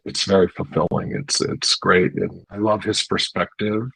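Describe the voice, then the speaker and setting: A man's voice: sits low, little pitch movement, normal speed, creaky, sharp tone, slightly rough, dry recording, low-quality recording. A middle-aged man talking earnestly in an interview, telling his story with many restarts. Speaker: interview guest. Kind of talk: casual interview chat.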